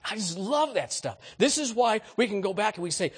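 A man preaching a sermon to a congregation, animated and asking rhetorical questions. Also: high-pitched, brisk, hardly any pauses, slightly rough. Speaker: pastor.

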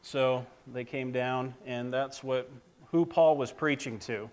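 A man's voice: medium pitch, fairly even intonation. Plainspoken man preaching a sermon. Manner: plainspoken, halting, many fillers and restarts. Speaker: lay preacher.

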